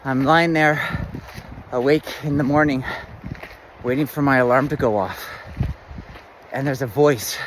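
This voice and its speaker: A man out of breath, talking in a breathy voice while running trails, thinking aloud in a halting, reflective way. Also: mid-range voice, slight background noise. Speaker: vlog host. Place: outdoor trails.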